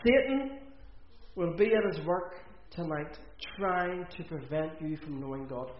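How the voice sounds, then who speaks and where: A man's voice: a little high, a little slow. A man preaching an earnest sermon in a church, repeating phrases for emphasis. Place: church hall. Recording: echoey, dull church recording.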